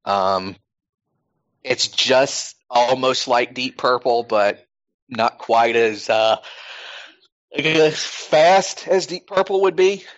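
A man's voice: medium pitch, takes it slowly. Podcast host guy rambling along, lots of uhs and likes, kinda dull muffled recording. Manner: rambling, filler-heavy. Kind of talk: casual chat.

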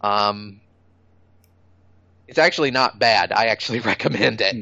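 Opinionated man ranting about comics, bright voice. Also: lowish voice, a little slow, vocal fry, no echo. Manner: blunt, opinionated, swears, laughs at his own jokes. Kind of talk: casual chat. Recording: dull lo-fi sound.

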